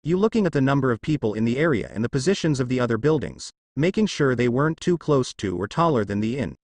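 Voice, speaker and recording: A man's voice: medium pitch, lively intonation, fast talker, a little mellow, dry recording. A man reading a story aloud and voicing a brash, cocky teenage ninja who talks bluntly and teases. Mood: sharp-witted.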